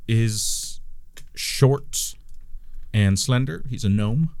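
Male game master, unhurried and low, casual narration, dry sound. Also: no room sound. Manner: relaxed, casual.

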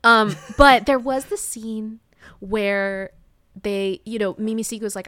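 A woman co-hosting a podcast, recapping a movie in casual chat, animated and swearing, laughing often. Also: on the high side, unhurried. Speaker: podcast co-host.

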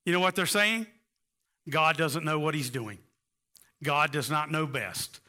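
Guy preaching a sermon, high voice, really bright and sharp, gets fired up. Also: unhurried. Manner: impassioned preaching, rising to emphatic peaks. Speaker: pastor.

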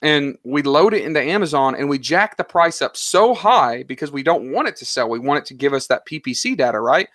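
A man talking casually as an interview guest, animated and slangy, telling stories about his business. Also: fairly high pitch, brisk, hardly any pauses, no room sound, clean studio sound. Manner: animated, story-driven, slangy. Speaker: guest, online seller.

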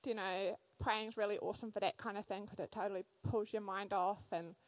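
A woman in her thirties, a church speaker giving a sermon, telling animated personal stories with frequent fillers. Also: mid-range voice, fairly quick, no room sound, rough recording.

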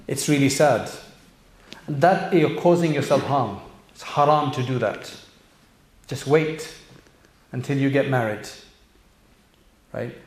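Speaking slowly at a medium pitch, the man leaves long pauses between thoughts. His earnest religious talk, given as an Islamic speaker to youth and parents in an echoey room, is direct and laden with rhetorical questions.

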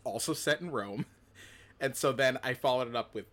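This podcast co-host has a medium-pitched, fairly bright voice and talks at a moderate pace. His storytelling runs long and loose, packed with filler words and false starts as he chats casually.

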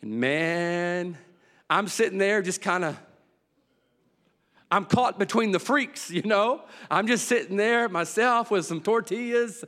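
Folksy preacher man in a reverberant hall. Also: slow pace. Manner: swings from loud excited storytelling to low hushed emphasis; folksy, humorous, colloquial. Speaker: pastor. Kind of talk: sermon with storytelling.

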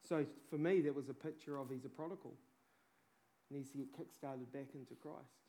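A man's voice: mid-range voice, steady tone, moderate pace, dark tone. A man preaching a sermon with fervent urgency, peppering it with casual slang.

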